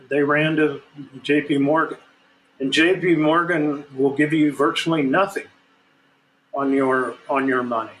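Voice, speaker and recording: A man's voice: fairly high pitch, a bit bright, slight background noise, low-quality recording. Man in his sixties, filler-laden expert talk. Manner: measured, many fillers and restarts. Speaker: guest banking expert. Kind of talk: podcast discussion.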